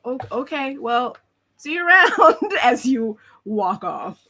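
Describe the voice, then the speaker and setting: A woman's voice: high-pitched, slow. A woman running a live tabletop role-play game as game master, telling the scene with lots of fillers. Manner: lively storytelling with many fillers.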